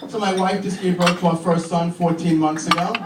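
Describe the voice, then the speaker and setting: Fairly high-voiced male stand-up comic in his thirties, deadpan and crude, recorded from afar. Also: fairly quick, a loud crowd. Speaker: stand-up comedian. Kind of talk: stand-up comedy set. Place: comedy club. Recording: echoey club from far off. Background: audience laughter and room noise.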